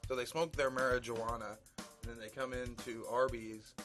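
A man's voice: medium pitch, flat delivery, normal speed, music in the background. A man co-hosting a podcast in loose, joking casual chat, swearing freely. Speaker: podcast co-host.

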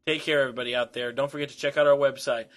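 A man's voice: medium pitch, steady tone, very fast. Teasing man joking on a podcast. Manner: teasing, crude, laughs often. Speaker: podcast co-host. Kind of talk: casual chat.

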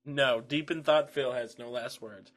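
A man's voice: medium pitch, fairly even intonation, measured pace, fairly bright tone. A man co-hosting a casual podcast, teasing his partner with crude jokes and frequent laughter. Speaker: podcast co-host. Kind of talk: casual chat.

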